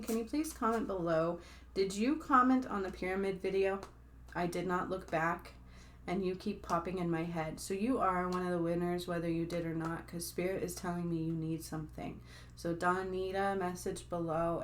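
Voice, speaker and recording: There's a faint hiss or hum behind this spiritual healer, who speaks to her viewers in a fairly low voice. Addressing the camera casually, she wanders from point to point, leaning on fillers and often speaking directly to her audience.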